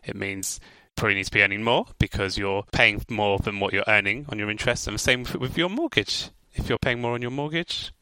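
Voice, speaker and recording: A man's voice: on the low side, fairly quick, hardly any pauses, sharp tone, smooth, no room sound, rough recording. A man co-hosting a casual chat about personal finance, quizzing his partner in an upbeat game-show manner. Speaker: co-host.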